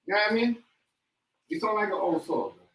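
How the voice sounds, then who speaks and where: A man's voice: high-pitched, brisk, fairly bright tone, low-quality recording. Man ranting in a livestream. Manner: mocking, insulting, repeats himself. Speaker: livestream host. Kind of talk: heated reaction rant.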